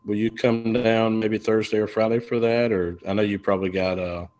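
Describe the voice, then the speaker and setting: A man's voice: lowish voice, level tone, moderate pace, a little mellow, dull audio. A man co-hosting a casual podcast, speaking hesitantly and restarting his questions.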